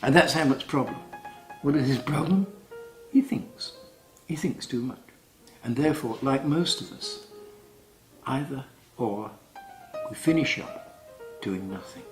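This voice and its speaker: A man with a clipped British RP accent, a stage actor in an archival interview clip, explaining verse and reciting lines theatrically, swinging from loud to hushed. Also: medium pitch, animated, unhurried, long pauses, faint music behind, poor audio.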